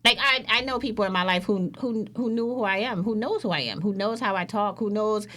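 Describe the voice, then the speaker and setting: A woman's voice: medium pitch, fairly quick, a bit bright. A woman co-hosting a podcast in casual chat, blunt and swearing freely as she acts out what she said to friends. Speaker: podcast co-host.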